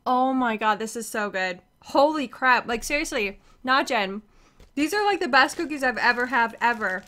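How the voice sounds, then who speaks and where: A woman's voice: a little high, animated, moderate pace, pushed and bright. A woman streamer gushing in a casual live-stream chat while eating, giggly and talking with her mouth full.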